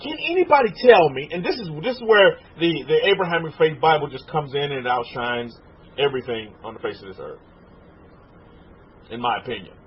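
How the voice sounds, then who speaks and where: A high-pitched man in his forties preaches with a very raspy, husky voice that swings widely up and down. He stumbles, restarts and keeps asking the congregation questions. The recording sounds muffled and lo-fi. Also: brisk. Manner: emotional, animated preaching with repeated restarts and questions to listeners. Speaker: rabbi teaching a congregation. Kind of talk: sermon.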